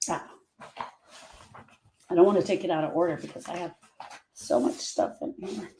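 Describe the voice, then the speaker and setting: A woman's voice: lowish voice, animated, normal speed, warm tone, slight background noise. A woman grief coach talking casually to viewers on a live stream, earnest and repeating herself as she drifts off topic.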